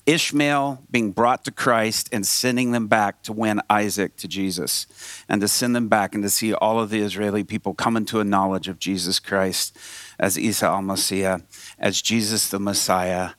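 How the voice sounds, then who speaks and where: Bright, earnest male preacher. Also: on the low side, steady tone, normal speed, dry recording. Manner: earnest, storytelling, asks the audience questions. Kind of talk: sermon.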